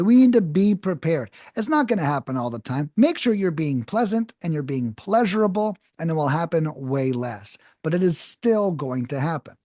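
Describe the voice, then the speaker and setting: A man in his thirties gives a cold calling lesson in a direct, coaching manner, often pausing to ask "okay?". His voice sits a little high for a man and moves around a lot in pitch. The sound is close and dry, with no room echo. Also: mellow. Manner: direct, coaching, frequent "okay?" check-ins. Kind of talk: casual instructional talk.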